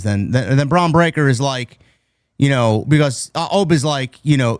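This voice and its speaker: A man with a New York accent, hosting a casual wrestling podcast and loosely retelling the show's events with quick quoted asides. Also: medium pitch, clear, resonant tone, dry recording. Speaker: podcast host. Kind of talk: casual wrestling recap chat.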